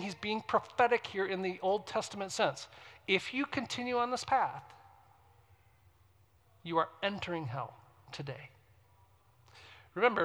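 Male pastor, a touch high-voiced, emphatic sermon delivery swinging from loud to hushed, conversational asides. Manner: conversational, asks the congregation questions.

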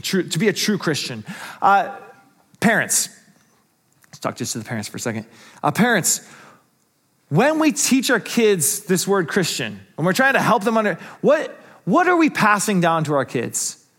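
A male pastor with a notably high-pitched voice delivers a sermon. He talks in an earnest, conversational way and keeps throwing rhetorical questions at his listeners. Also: a bit bright.

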